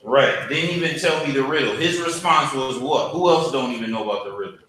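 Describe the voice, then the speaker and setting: A man with a mid-range voice teaches a church Bible class, speaking briskly in a bright, forceful tone. His style is casual and conversational, and he frequently poses questions to the class. The room is very echoey, with a faint hum in the background.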